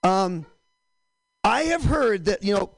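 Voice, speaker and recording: Man, high voice, gravelly, rambling profane stand-up host, dry close sound. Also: big pitch swings, takes it slowly, dry recording, rough recording. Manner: rambling, self-interrupting, profane. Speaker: comedy show host. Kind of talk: stand-up comedy. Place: small comedy room.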